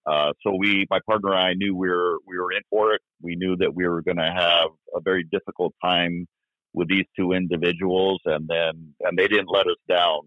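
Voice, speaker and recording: A man, a former police officer, recounting events in an interview, halting with many fillers and restarts. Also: low-pitched, flat delivery, dry recording. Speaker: retired police officer guest. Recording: dry, tinny phone-like line.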